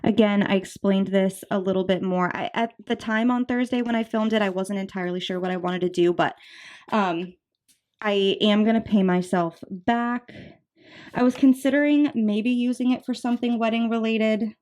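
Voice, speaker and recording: A woman in her twenties, a budgeting vlogger, chatting casually and counting bills aloud in quick runs. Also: mid-range voice, a little mellow. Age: 20s. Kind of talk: casual chat while counting cash.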